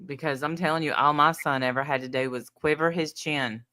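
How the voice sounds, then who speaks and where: Low, bright-voiced woman co-host. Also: steady tone, brisk, no echo. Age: 50s. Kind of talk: casual chat.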